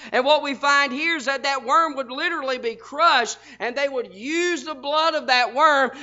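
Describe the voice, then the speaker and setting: Fervent high-voiced preacher. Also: male voice, sharp tone, highs cut off. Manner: fervent, emphatic preaching with frequent "hey". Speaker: pastor. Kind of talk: sermon. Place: church sanctuary.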